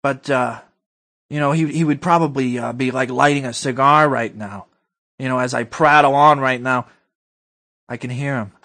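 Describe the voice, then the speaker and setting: A man hosting a comedy talk-radio show, ranting blusterily and building to shouted outbursts. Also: medium pitch, moderate pace.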